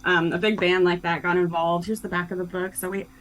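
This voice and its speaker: A woman's voice: on the low side, little pitch movement, fairly quick, crowd noise, rough recording. Chatty upbeat young woman guest. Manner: chatty and upbeat, many fillers like "um" and "like". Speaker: guest, children's book co-author. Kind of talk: casual interview chat.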